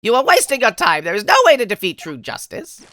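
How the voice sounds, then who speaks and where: A cold, scornful prosecutor from a courtroom game, looking down on his rival. A man reads him out in a bright, lively voice, proud and cutting. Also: high-pitched, fast talker, pitched above the performer's own voice, full character voice.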